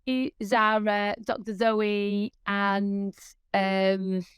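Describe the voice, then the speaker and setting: A woman guest on a podcast, telling stories in a lively, animated way and laughing often. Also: medium pitch, extremely slow, smooth, no echo. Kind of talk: casual chat.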